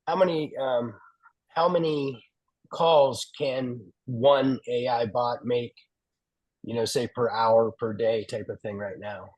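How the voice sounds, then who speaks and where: A man asking questions on a video call in a halting way, with many fillers and repeated words. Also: mid-range voice, fairly even intonation, darkish tone, highs cut off. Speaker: caller, business owner. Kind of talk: casual Q&A.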